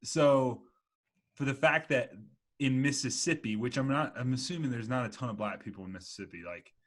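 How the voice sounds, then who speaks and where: A man's voice: mid-range voice, a little fast. A man in his twenties co-hosting a podcast, talking earnestly and reflectively in casual conversation with lots of filler words. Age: 20s. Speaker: podcast co-host.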